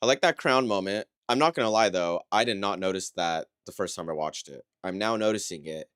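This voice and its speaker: A man giving a casual, conversational livestream breakdown of dance routines, critical but encouraging and often checking in with a quick "right?". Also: sits low, fairly bright tone, smooth, no echo. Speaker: dance competition analyst.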